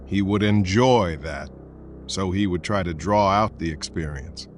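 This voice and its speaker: A man narrating a thriller audiobook in the first person, in a steady, measured way. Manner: steady, measured, low-key. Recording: soft music bed.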